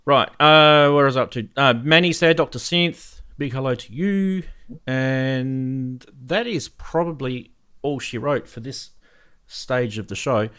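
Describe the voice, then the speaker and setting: A man's voice: mid-range voice, a little slow, bright, forceful tone, clean tone. A man hosting a live synthesizer stream, chatting casually and laughing often as he greets viewers in the chat. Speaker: host of a live synthesizer show.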